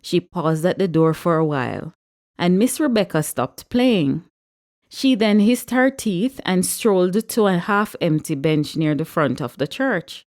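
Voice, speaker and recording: A woman, reading a story aloud in a measured, expressive way. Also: on the low side. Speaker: audiobook narrator.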